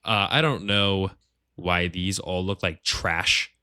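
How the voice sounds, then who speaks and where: A gaming clan leader talks at home, in a space he shares with family, ranking the members of his gaming group in a loose tier-list rundown packed with slang and swearing. His low-pitched voice holds a steady tone at a slow pace and sounds pushed, bright, clear and resonant. The recording is dry, with clean studio sound.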